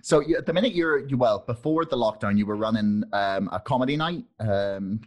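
A man's voice: mid-range voice, expressive, brisk. A man hosting a casual interview, asking loose, rambling questions and laughing easily. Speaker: podcast host.

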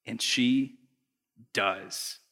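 A man preaching a conversational sermon, acting out characters and swinging from loud bursts to hushed asides. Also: mid-range voice, drawn-out words, vocal fry, husky. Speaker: pastor. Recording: echoey long hall reverb.

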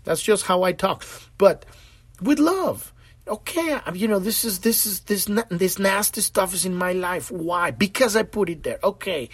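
A man's voice: high voice, normal speed, slightly rough, no room sound. A man hosting a podcast, talking casually and with feeling about spiritual growth, swearing often and acting out the voices he quotes. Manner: animated, profane, acts out quoted voices. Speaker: podcast host.

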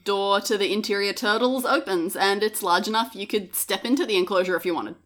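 A woman's voice: medium pitch, fairly quick, a bit bright. A woman narrating a tabletop game as game master, playful and often laughing.

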